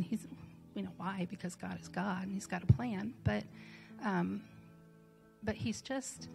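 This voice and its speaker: A woman's voice: mid-range voice, vocal fry, a little mellow. A woman speaking informally to her church congregation, hesitant with many ums and light laughs. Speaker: church member addressing the congregation. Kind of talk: casual testimony in church. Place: church sanctuary.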